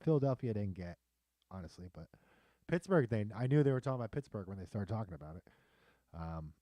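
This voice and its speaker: American dude on a podcast, warm mellow voice, laid back, dry room sound. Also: male voice, on the low side, quick pace, dry recording. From United States. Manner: chatty, laughing, relaxed storytelling. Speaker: podcast co-host. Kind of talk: casual chat.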